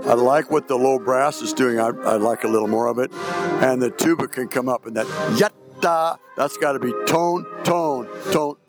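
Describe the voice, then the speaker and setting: A man's voice: medium pitch, steady tone, a little fast. An older man, a retired band director, giving spoken comments on a band's performance and singing out phrases to show how they should sound. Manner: sings and scats passages to show phrasing. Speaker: band adjudicator. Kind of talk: recorded band clinic comments. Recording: music playing loudly underneath. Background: band music playing.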